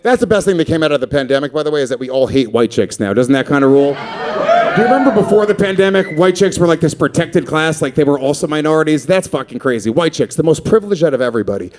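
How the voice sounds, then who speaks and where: A man's voice: fairly high pitch, lively intonation, quick pace. A man in his thirties doing a brash, profane stand-up comedy set with crowd work on a stage mic. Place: comedy stage before a live audience. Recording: live crowd laughter.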